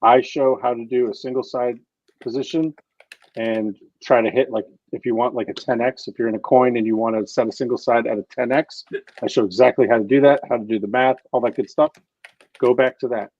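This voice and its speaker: A man hosting a casual crypto livestream, excitable and swearing freely as he talks to viewers. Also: mid-range voice, fairly quick, no echo, lo-fi sound. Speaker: livestream host.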